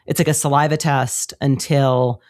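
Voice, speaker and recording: A woman co-hosting a running podcast, her voice raspy from being sick, chatting casually and poking fun at herself. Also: extremely low pitch, flat delivery, normal speed, darkish tone. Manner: self-deprecating, laughs easily. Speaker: podcast co-host. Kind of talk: casual chat.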